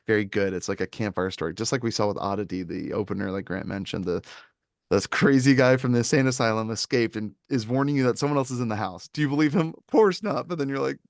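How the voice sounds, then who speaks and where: A man co-hosting a casual movie review chat, animated and often acting out scenes in quoted voices. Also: on the low side, creaky, no room sound, studio quality. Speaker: podcast co-host.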